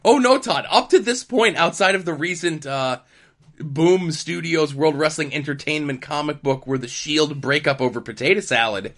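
A man's voice: fairly high pitch, normal speed, fairly bright tone. A young man co-hosting a casual comics podcast, chatting wryly and running through news. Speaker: podcast co-host. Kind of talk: casual chat.

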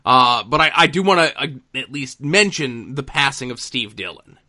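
A man hosting a podcast, talking casually and loosely, with many pauses and filler words. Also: medium pitch. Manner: relaxed, hesitant with many fillers. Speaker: podcast host. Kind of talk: casual chat.

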